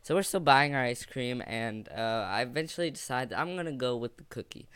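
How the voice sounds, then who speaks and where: A man's voice: medium pitch, lively intonation, brisk, fairly bright tone, clean tone, no room sound. A young man casually narrating a funny storytime, rambling and jokey with lots of filler words.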